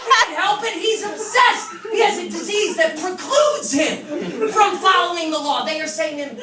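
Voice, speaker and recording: A man performing a loud, brash stand-up comedy set in an apartment living room, often shouting. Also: very high voice, normal speed, hardly any pauses. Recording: roomy echo, distant mic, loud audience laughter.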